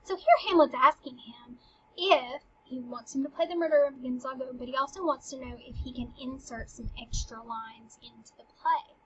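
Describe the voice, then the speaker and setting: A woman's voice: high-pitched, normal speed, muffled recording, slight background noise. A woman teacher casually explaining a play, chatty and full of "like". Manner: chatty, uses "like" a lot.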